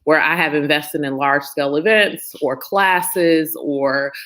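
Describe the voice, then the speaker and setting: A woman's voice: deep voice, fairly even intonation, takes it slowly, fairly bright tone. A middle-aged woman hosting a motivational live-stream talk, telling stories with animation and greeting viewers by name. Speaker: host.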